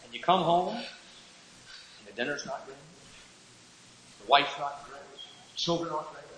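A man's voice: on the high side, measured pace, crowd noise. A man preaching a sermon, emphatic and full of rhetorical questions, mimicking irritated husbands. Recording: echoey hall reverb, cassette recording.

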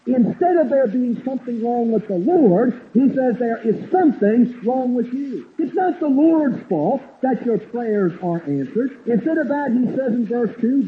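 High-voiced man preaching, tinny lo-fi. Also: expressive. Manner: slows and stresses key phrases, drops low and quiet in the story. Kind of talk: sermon with a told story. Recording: tinny lo-fi line with faint hiss.

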